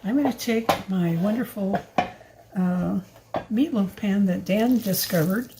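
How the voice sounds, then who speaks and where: A woman's voice: mid-range voice, measured pace, background noise. An older woman chatting her way through a home cooking demonstration in her kitchen, talking while she kneads the mix by hand, rambling with fillers and asides. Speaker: home cook filming a recipe video.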